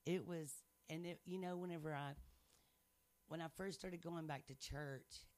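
A man's voice: a little high, steady tone, a little slow, darkish tone, no echo. A man sharing his faith testimony in casual chat, earnest and playful, laughing often.

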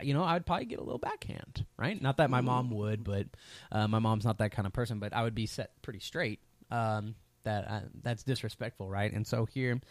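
A man's voice: fairly low pitch, darkish tone, no echo. Conversational man preaching a sermon, dry sound. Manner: conversational, many fillers and restarts. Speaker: pastor.

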